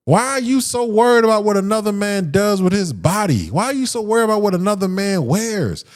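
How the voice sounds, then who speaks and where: A man's voice: high voice, a little fast, few pauses. Guy ranting on his podcast, cussing a lot, voice swings all over the place. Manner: animated, profane, ranting with mocking quoted voices. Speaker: podcast host. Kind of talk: solo podcast rant.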